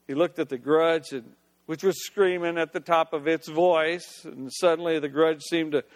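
High-voiced man telling a folksy story. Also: a bit bright. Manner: leisurely, folksy, with "well" asides and restarts. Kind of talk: storytelling narration. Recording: long hall reverb.

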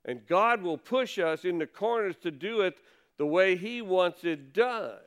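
A man's voice: high voice, expressive, measured pace. A man preaching a conversational sermon from the pulpit, reading scripture and stressing key words. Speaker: pastor.

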